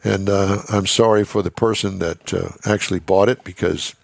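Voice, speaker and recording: A man's voice: sits low, steady tone, moderate pace, vocal fry, no room sound. Chatty male radio host, dry studio sound. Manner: chatty, reads news items aloud with wry asides. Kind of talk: casual on-air chat.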